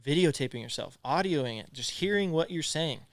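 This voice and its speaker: A man's voice: on the high side, expressive, a little fast, no room sound. A man co-hosting a podcast, chatting casually about sales and rambling with lots of "like". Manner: rambling, filler-heavy, with frequent "like". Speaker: podcast co-host.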